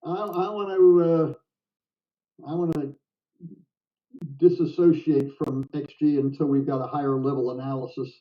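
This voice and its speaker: A man's voice: on the high side, fairly even intonation. Older man, chatty game commentary. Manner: chatty, jokey, quick to laugh. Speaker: backgammon commentator. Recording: dull, distant sound.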